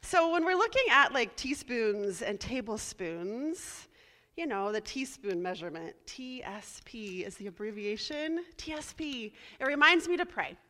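A woman pastor giving a chatty, casual sermon, spelling some words out slowly. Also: fairly high pitch, very animated, bright, forceful tone, big-room sound.

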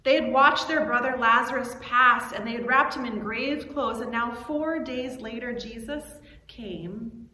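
Woman, pastor, sermon, earnest expressive delivery, long reverb. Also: a little high, unhurried. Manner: earnest, expressive reading with dramatic emphasis. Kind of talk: sermon with scripture reading. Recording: echoey hall with long reverb, background noise.

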